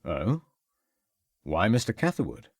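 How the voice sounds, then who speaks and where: A male audiobook narrator voicing a calm male police inspector who speaks in a measured, polite and brief way. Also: on the low side, husky, no room sound, clean studio sound, full character voice.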